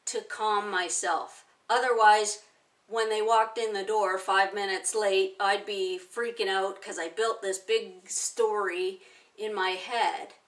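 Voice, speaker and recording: A woman in her forties, a self-help teacher, calmly walking through a technique step by step with everyday examples. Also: medium pitch, distant mic. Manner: calm, explaining step by step with plain examples. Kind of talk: instructional talk to camera.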